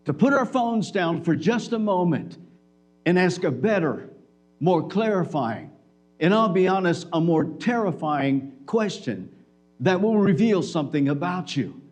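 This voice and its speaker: A man with a fairly high voice preaching a sermon in a church. He talks to the congregation conversationally. He slips into acted-out bits of dialogue to make his point. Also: lively intonation, measured pace, a little mellow. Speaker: pastor.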